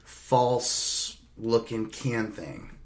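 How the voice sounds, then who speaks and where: Speaking extremely slowly at a medium pitch, this young man is a podcast host telling a drawn-out road-trip tale. It's casual storytelling: rambling, profane, and punctuated by his own laughter.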